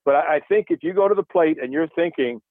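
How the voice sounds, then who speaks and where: Excitable former catcher on radio. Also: male voice, a little high, fast talker, dry recording. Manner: animated storyteller, acts out dialogue. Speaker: baseball broadcaster, former catcher. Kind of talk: casual sports radio chat. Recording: dry phone-like radio line.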